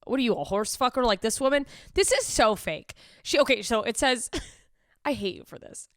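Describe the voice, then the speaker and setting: A woman's voice: fairly high pitch, normal speed, no room sound. A woman comedian hosting a podcast in casual, incredulous chat, riffing and swearing freely into a close mic. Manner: animated, profane, incredulous riffing.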